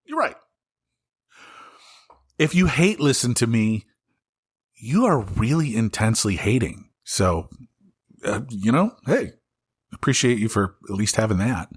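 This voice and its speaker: A man's voice: mid-range voice, animated, measured pace, long pauses, breathy edge. A man with a Southern US accent hosting his own podcast, ranting angrily and profanely about politics in a solo commentary. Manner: angry, profane, exasperated ranting. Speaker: podcast host.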